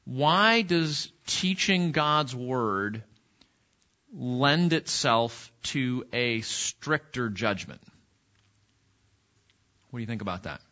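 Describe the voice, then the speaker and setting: A man's voice: mid-range voice, lively intonation, very slow, long pauses, bright, forceful tone, lo-fi sound. A man teaching an interactive Bible study lesson in a church classroom, putting questions to the class and often restarting his sentences. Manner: conversational, asks the class questions, frequent restarts.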